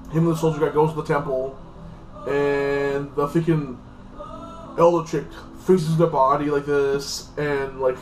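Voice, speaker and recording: This TV show reviewer's voice sits a little high, and he talks at a measured pace in a level tone. His episode recap is casual and meandering, with "like this" and "freaking" cropping up again and again, captured on a distant mic in an echoey room with faint music behind.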